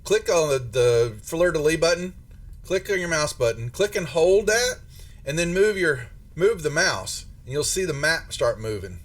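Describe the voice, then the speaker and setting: A man's voice: on the high side, lively intonation, moderate pace. Rambling male game master, distant mic. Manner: rambling, full of restarts. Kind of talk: narrating a tabletop game. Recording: distant mic with faint music.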